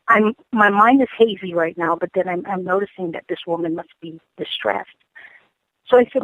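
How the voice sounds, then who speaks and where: A woman caller telling a ghost story on a radio call-in show, lively and full of ums and restarts. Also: medium pitch, brisk, no echo, phone-quality sound. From Hawaii. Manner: animated storytelling, acting out her own quoted lines; hesitant, frequent ums and restarts.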